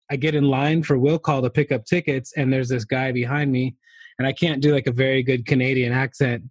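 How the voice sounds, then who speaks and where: A podcast guest with a mid-range voice, recorded dry, tells a rambling anecdote to the host in a casual way. He laughs often and leans heavily on filler words.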